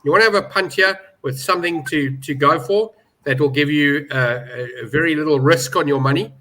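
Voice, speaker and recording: A man talks betting on a sports panel. His voice is bright and forceful, and his pitch sits a little high for a man. He pushes his points hard and keeps restarting as he goes. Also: fairly quick, a little hiss or hum. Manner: emphatic, indignant about odds, many restarts. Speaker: betting pundit. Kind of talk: animated panel discussion.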